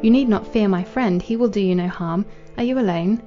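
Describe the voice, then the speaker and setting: Woman reading a soft-spoken gentle nobleman. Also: mid-range voice, brisk, dull audio, soft background music, lightly acted. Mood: soothing. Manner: soft, soothing. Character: gentle kindly young nobleman.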